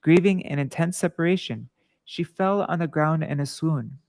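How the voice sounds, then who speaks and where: A man's voice: a little high, gravelly, darkish tone, no echo. Earnest man reading scripture aloud, dry. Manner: measured, earnest reading aloud with small restarts. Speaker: scripture class reader.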